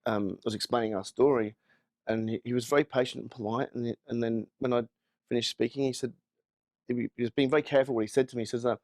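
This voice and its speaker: A man from Australia telling a story in an interview, lively and stammering now and then. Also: medium pitch, fast, no echo, clean studio sound. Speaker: online seller sharing his story. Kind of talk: casual interview.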